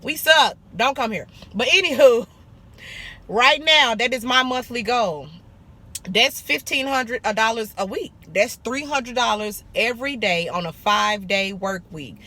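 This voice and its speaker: This is a young woman from Arkansas with a bright, forward tone. She talks straight to her viewers in a sassy, blunt way, swearing casually and calling them baby and honey. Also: on the high side, unhurried. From Arkansas, USA. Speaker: esthetician vlogger. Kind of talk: casual business advice vlog.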